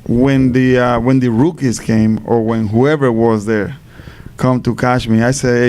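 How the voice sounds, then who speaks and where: A man from Panama, answering fan questions at a live Q&A. He speaks haltingly, repeats words and laughs between answers. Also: mid-range voice, steady tone, heavy background noise.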